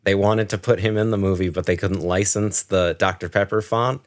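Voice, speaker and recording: A man's voice: low voice, steady tone, moderate pace. A man co-hosting a podcast in casual chat, sharing film trivia in long winding stretches. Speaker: podcast co-host.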